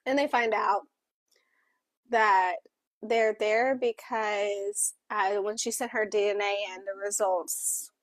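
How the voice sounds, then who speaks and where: A woman co-hosting a book club, voicing for a Deaf co-host in a casual, animated plot summary full of fillers and acted-out quotes. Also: medium pitch, takes it slowly, no echo.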